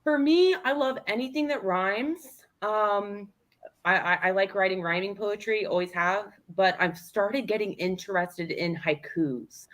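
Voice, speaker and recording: A woman co-hosting a casual chat, blunt and quick to swear, then apologizing for interrupting. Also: mid-range voice, fairly bright tone. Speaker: podcast co-host.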